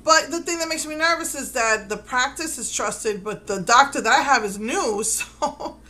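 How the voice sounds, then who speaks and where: A woman's voice: high-pitched, animated, moderate pace, sharp tone, poor audio. A middle-aged mother chatting in a casual vlog, retelling events with quoted dialogue and nervous laughter. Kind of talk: casual personal vlog storytelling.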